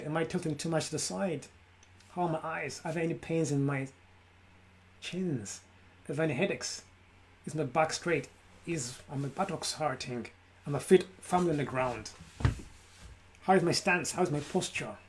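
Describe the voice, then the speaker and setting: A man's voice: fairly high pitch, slight background noise. A man speaking live from his room, giving an emphatic motivational talk on mindfulness in repeated lists. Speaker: self-help speaker. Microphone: camera.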